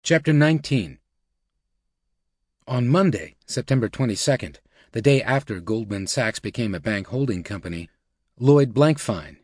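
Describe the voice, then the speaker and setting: A man narrating a nonfiction audiobook in an even, measured reading style. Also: mid-range voice, no echo, clean studio sound. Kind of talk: scripted narration.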